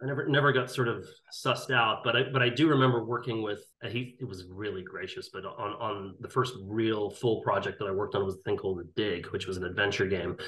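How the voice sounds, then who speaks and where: Man, middle-aged, animated storyteller, roomy echo, video call audio. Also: on the low side, fairly quick, few pauses. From Ireland. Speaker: guest. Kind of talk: casual interview chat.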